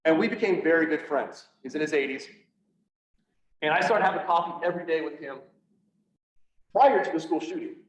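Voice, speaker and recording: A man giving an earnest personal talk to an audience, halting at times and restarting his sentences. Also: on the high side. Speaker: public speaker on PTSD. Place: event room, speaking to an audience. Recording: echoey room, voice from far off, dull sound.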